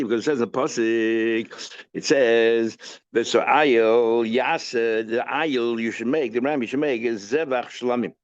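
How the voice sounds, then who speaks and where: This male rabbi, with a mid-range voice, teaches the daily Talmud page in a relaxed lecture, asking and then answering his own questions. He mixes Hebrew and Yiddish terms into his English, and the recording is dry and dull.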